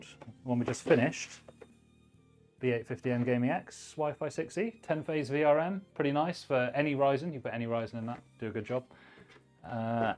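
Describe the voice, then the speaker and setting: A man hosts a live stream and chats casually while he assembles computers. He gives blunt, practical advice and thinks out loud as he goes. Soft music plays faintly in the background. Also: medium pitch. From United Kingdom. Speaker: livestream host, PC builder.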